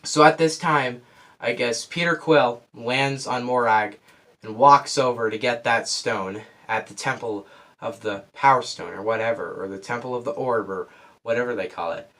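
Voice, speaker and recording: A man talks through a movie plot in a loose, rambling review, audibly short of breath. He keeps losing his place and restarting his sentences. His voice sits at a middle pitch for a man. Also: normal speed, a bit bright. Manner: rambling, loses track and restarts. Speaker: film reviewer. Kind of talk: casual spoiler movie review.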